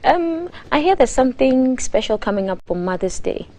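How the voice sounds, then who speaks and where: A woman presenting a live breakfast TV show, asking lively questions and echoing her guest's words back. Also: high voice, normal speed. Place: TV studio.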